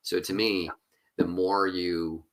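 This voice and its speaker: Low, bright-voiced man giving a keynote. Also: little pitch movement, takes it slowly. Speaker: keynote speaker and author. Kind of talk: conference talk over video.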